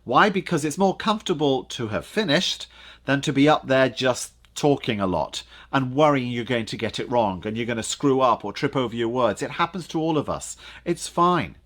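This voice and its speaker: Lively man coaching on voice. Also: mid-range voice. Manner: dramatic pauses and punched words. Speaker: presentation coach. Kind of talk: lively coaching talk to camera. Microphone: camera.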